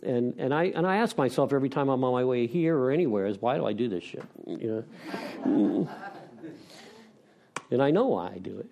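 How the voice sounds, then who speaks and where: A man's voice: mid-range voice, expressive, moderate pace, vocal fry, pauses often, lo-fi sound, a little hiss or hum. A middle-aged man from Pennsylvania giving a candid personal share at a recovery meeting, frank and wry, rambling with restarts and self-deprecating laughs.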